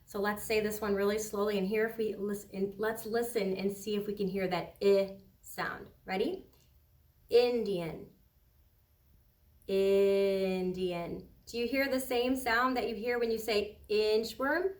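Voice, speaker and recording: A woman teaching a recorded kindergarten phonics lesson, talking slowly and patiently and drawing words out so children can hear the sounds. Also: fairly high pitch, far from the mic.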